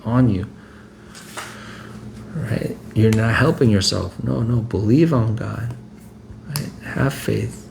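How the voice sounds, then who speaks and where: A man's voice: mid-range voice, vocal fry, a little mellow, a little hiss or hum. A man preaching informally, reading scripture and then explaining it in a conversational way that keeps checking in with "right?" and repeats his phrases.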